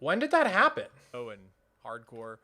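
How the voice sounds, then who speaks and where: A man's voice: fairly high pitch, huge pitch swings, normal speed, bright, forceful tone. A man streaming a building game, exasperated, asking what happened and repeating "dude" and "bro". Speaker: Minecraft streamer. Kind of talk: frustrated gameplay commentary.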